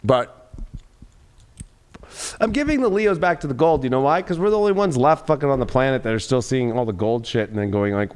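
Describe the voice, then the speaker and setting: A man's voice: mid-range voice, a little fast, clean tone. A man hosting an astrology talk, brash and profane, smoking a cigarette as he talks. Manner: brash, swears freely, animated. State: smoking a cigarette while talking. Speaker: astrology show host. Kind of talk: casual profane astrology chat.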